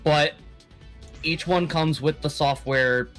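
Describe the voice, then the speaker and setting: A man's voice: fairly high pitch, slow pace, a bit bright, faint music behind. A man in casual chat giving matter-of-fact details.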